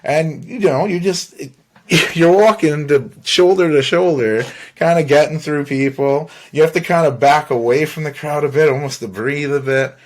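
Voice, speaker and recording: A man's voice: on the high side, moderate pace. Rambling man telling a story. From Canada. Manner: rambling, animated, swears freely, laughs between phrases. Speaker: podcast host. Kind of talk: casual storytelling monologue.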